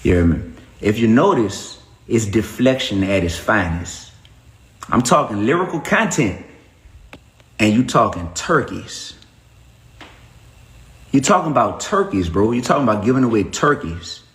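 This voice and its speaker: A man speaks on a phone livestream in a fairly low voice. He presses his points emphatically, like a preacher, and breaks off to greet viewers. The room adds a noticeable echo. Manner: preachy, emphatic, shout-outs to chat. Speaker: rapper on a livestream. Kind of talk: casual livestream talk to viewers.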